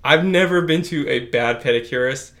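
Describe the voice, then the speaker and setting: A man's voice: mid-range voice, moderate pace, fairly bright tone. A man co-hosting a casual podcast, telling stories with lots of fillers and restarts. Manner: rambling, many fillers and restarts. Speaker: podcast co-host. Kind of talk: casual chat.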